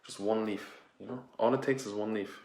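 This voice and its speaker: A man's voice: on the low side, fairly even intonation, fairly quick, vocal fry, a little mellow. A man playing a vain, gushing toilet paper fashion persona in a campy improvised comedy sketch at home. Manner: campy, breathless, gushing over his look. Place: home indoors. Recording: echoey room.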